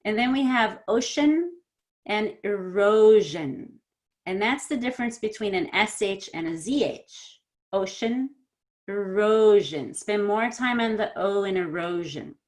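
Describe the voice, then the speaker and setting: A woman teaching an online pronunciation class, explaining sounds and slowly demonstrating word pairs. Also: medium pitch. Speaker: accent coach.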